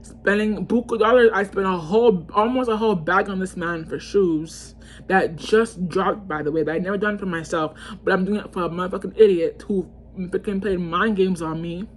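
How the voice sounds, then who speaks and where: A woman's voice: mid-range voice, moderate pace, a little hiss or hum. A young woman vlogger telling a storytime, ranting heatedly with lots of cursing and repetition. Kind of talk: storytime rant.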